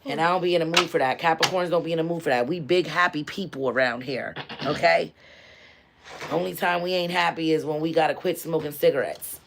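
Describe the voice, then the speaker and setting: A woman comedian hosting a casual livestream, talking in an animated, loud and teasing way, full of slang. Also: sits low, fairly quick, creaky, noisy background.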